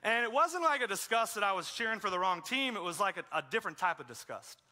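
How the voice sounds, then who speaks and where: A male pastor delivers a sermon in a relaxed, chatty way, with a fair amount of self-deprecating humor. His voice sits high for a man and sounds very bright and sharp. He talks in a church. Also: fast talker. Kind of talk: conversational sermon. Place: church sanctuary.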